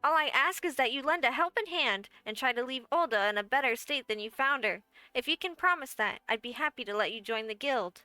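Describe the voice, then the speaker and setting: A brassy, tiny innkeeper who runs an adventurers' guild in a game, and she speaks with a lilt. The voice sits high and bright, wry and folksy, with every line dry and close to the mic. A faint game score plays underneath. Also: smooth, no echo. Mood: brisk. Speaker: game character. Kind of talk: game voice acting.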